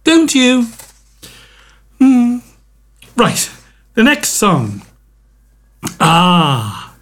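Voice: medium pitch, huge pitch swings, drawn-out words, fairly bright tone. A radio presenter introducing songs in casual DJ patter, with jokey, self-mocking asides.

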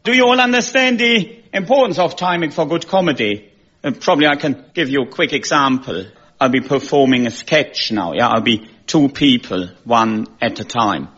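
A man with a German accent, a native German speaker, doing dry deadpan comedy as a panel contestant. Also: mid-range voice, normal speed. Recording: muffled radio, loud audience and noise.

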